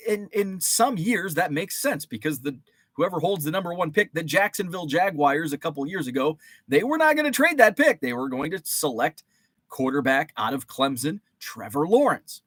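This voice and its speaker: A man's voice: a little high, a bit bright, no echo, clean studio sound. A man hosting a casual livestream, rambling between topics and reading viewer comments aloud. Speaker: host.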